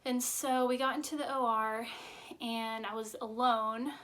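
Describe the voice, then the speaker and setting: A young woman vlogger telling her personal birth story in a halting, emotional way, close to tears at times. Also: a little high, fairly even intonation, a bit bright.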